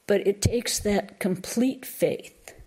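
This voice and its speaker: A woman's voice: mid-range voice, takes it slowly, a little mellow. A woman giving a reflective spiritual talk as a lecturer, thoughtful and searching for words as she goes.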